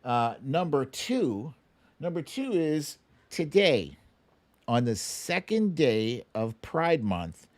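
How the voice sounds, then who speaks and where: A man's voice: on the high side, sing-song, slow pace, a little mellow. A man hosting a livestream of political commentary, ranting in a profane, sarcastic way. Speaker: host.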